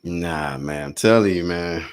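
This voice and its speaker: A man hosting a casual live boxing commentary stream, calling the punches in a slangy, excitable way and talking to his viewers. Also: sits low, measured pace.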